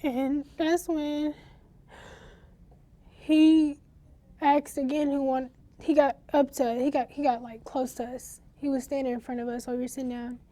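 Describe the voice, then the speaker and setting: A teenage girl in an interview, telling of a traumatic night in a halting, shaken way, with pauses and restarts. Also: high-pitched, level tone, mellow. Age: teens. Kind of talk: recounting a personal ordeal in an interview.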